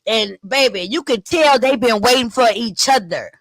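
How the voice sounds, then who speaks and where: This high-pitched YouTube commentary host keeps a moderate pace in her casual, animated live-stream chatter, profanely retelling online drama with flair, gasping and laughing. Her recording is close and dry, with no echo and little sense of the room.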